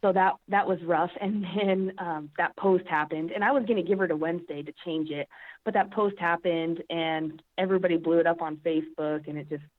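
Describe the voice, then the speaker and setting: A woman's voice: lowish voice, a little fast. Woman guest on a tinny phone line. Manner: emotional, animated storytelling with many "like"s. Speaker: podcast guest, strongwoman athlete. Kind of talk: casual interview chat.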